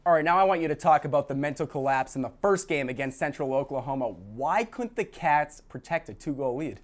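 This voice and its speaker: A man's voice: a little high, lively intonation, brisk. A man hosting a student TV sports show, reading scores and questioning his analyst in an upbeat anchor manner.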